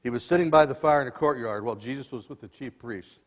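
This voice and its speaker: A man in his sixties preaching a sermon as dramatic storytelling, swinging between loud and soft passages, in a church sanctuary. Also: mid-range voice, quick pace. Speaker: lay preacher. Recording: long church reverb.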